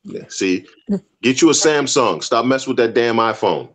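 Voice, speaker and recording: A man's voice: medium pitch, animated, normal speed. A man co-hosting a casual sports talk show, emphatic and slangy, repeating his points for effect. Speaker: podcast co-host.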